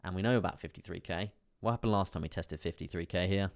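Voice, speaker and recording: A man's voice: deep voice, fast talker, few pauses. A young man chatting casually on a live stream, commenting on trades with lots of fillers and asides to viewers. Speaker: crypto trading streamer.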